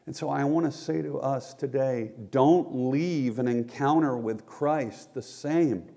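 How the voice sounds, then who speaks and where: Male pastor, sermon delivery, unhurried and earnest; long hall reverb. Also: mid-range voice, dark tone. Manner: earnest, measured preaching with quoted asides. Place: church sanctuary.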